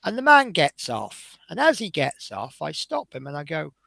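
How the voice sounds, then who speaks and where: A man's voice: a little high, huge pitch swings, normal speed, gravelly, bright, forceful tone, no room sound. A man chatting casually on a stream, telling stories from his bus-driving days in a chatty, anecdotal way and reading out comments as he goes. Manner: chatty anecdotal storyteller, reads out chat. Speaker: streamer building a model bus.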